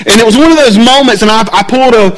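A pastor with a high voice delivers his sermon like a conversation. He tells stories from family life and keeps checking in with his listeners. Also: rapid-fire, slight background noise, low-quality recording. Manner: conversational, animated, asks the congregation frequent checks like "right?". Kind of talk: sermon with storytelling.

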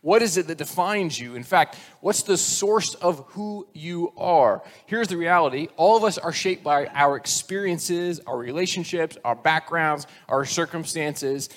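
A man in his forties preaching a casual, conversational sermon. His voice sits a little high for a man. He jokes at his own expense, and the long reverb of a church hall carries around him. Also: measured pace, few pauses. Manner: self-deprecating, conversational, tells jokes with voiced characters. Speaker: pastor.

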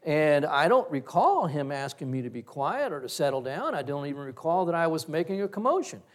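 A man's voice: a little high, very animated, brisk. A middle-aged male pastor giving a reflective, story-driven sermon.

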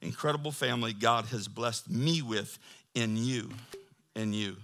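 A man's voice: medium pitch, unhurried, fairly bright tone. A man preaching a sermon to his church in a conversational, joking way, reading scripture between asides. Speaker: pastor.

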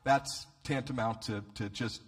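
A male pastor preaching a sermon, animated and humorous, often repeating words as he starts a phrase. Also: medium pitch, unhurried.

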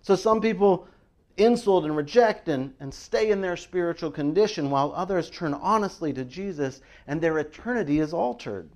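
Animated, conversational middle-aged pastor. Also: male voice, a little high, normal speed. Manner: conversational, animated storytelling with frequent "I mean" and "like". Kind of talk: sermon.

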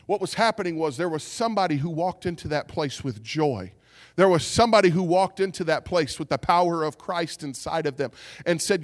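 A man preaching a sermon as pastor, telling a story with animated delivery and acting out what people said. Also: fairly high pitch, a little fast. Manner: storytelling, animated, acts out quotes. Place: church sanctuary. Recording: church hall with long reverb.

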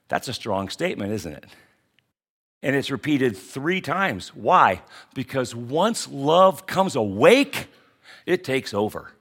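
A man's voice: mid-range voice, big pitch swings, takes it slowly, a bit bright. A man pastor giving a conversational sermon that teaches through rhetorical questions.

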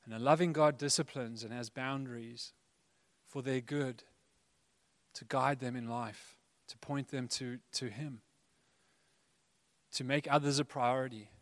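A man's voice: medium pitch, fairly even intonation, a little slow, pauses often, a bit bright. A man preaching a sermon as pastor, earnest and conversational with playful asides, in a large church hall. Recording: long hall reverb.

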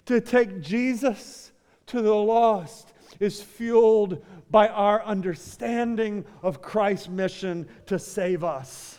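A man's voice: sits high, slow, darkish tone. A man preaching a sermon to his church, building to fervent peaks and calling out to the congregation. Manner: rising to fervent climaxes, addresses the church directly. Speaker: pastor. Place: church sanctuary. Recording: long hall reverb.

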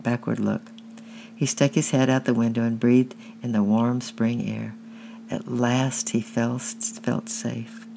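A man reading a children's novel aloud in a plain, unhurried way, with occasional slips. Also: medium pitch, creaky, darkish tone, slight background noise. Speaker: reader.

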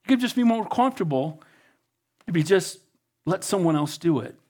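A man's voice: high-pitched, animated, normal speed, dark tone. A man preaching a fervent sermon, reading scripture aloud and urging his listeners to action. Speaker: pastor.

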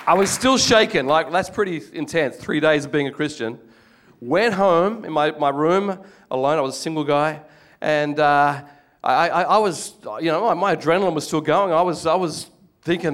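Older Australian man, slightly high voice, animated storytelling sermon with humor. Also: moderate pace. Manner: animated storytelling with jokes, acts out quoted voices. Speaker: preacher.

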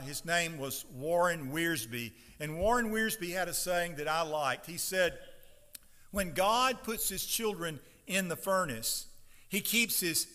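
A fairly high, bright and forceful male voice preaching from the pulpit. He moves from easy storytelling to loud, emphatic scripture reading. The sound carries a long church reverb. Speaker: pastor. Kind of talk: sermon. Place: church sanctuary.

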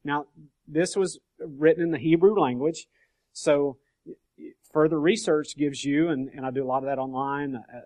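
A man's voice: fairly high pitch, fairly even intonation, moderate pace, darkish tone. A man leading an informal Bible study, explaining scripture in a conversational way, often checking in with his listeners and restarting his sentences. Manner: conversational, frequent "okay?" check-ins and restarts. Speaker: bible teacher.

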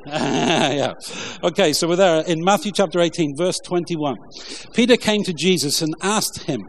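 A man preaching a relaxed, conversational sermon with jokey asides and lots of fillers, reading scripture along the way. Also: on the high side, a little hiss or hum. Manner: informal, halting, many fillers, jokey asides. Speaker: pastor.

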